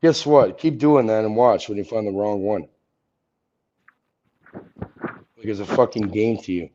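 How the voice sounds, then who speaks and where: A man's voice: lowish voice, measured pace, dark tone. A man ranting angrily and profanely on a livestream, confronting someone he is arguing with. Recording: dull lo-fi audio.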